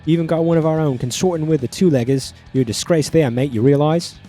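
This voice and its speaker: A man's voice: a little high, quick pace, faint music behind, pitched above the performer's own voice, lightly acted. A man doing a sneering punk dog-man. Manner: loud, sneering, swaggering.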